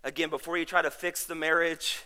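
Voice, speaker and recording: High-voiced, bright preaching man. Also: flat delivery. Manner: preaching with sudden shouted peaks and slow drawn-out emphasis. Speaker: pastor. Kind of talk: sermon.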